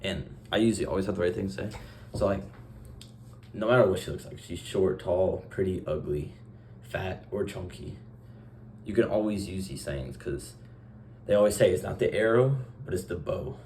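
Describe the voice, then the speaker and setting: A young man in a casual vlog monologue, talking in a rambling, offhand, deadpan way and acting out short bits of dialogue. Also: low voice, normal speed, a little hiss or hum. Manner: acts out short dialogue exchanges. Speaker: vlogger.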